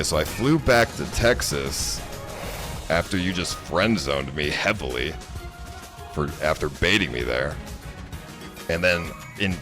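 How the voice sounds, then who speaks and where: A man streamer telling a story to his chat in a casual, rambling way, exasperated and full of fillers and restarts. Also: low voice. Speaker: livestreamer.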